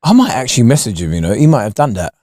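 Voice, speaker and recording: A man's voice: mid-range voice, big pitch swings, rapid-fire, mellow, no echo, studio quality. A young man co-hosting a podcast, chatting casually, telling loose stories and laughing often. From England. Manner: laughs often, loose storytelling with quoted voices. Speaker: podcast co-host. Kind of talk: casual chat.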